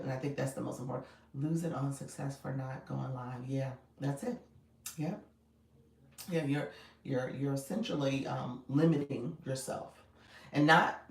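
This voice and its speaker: A woman's voice: sits low, gravelly, darkish tone, reverberant, distant mic, poor audio. A woman coach chatting casually on a livestream, greeting viewers by name and laughing often. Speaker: live coach.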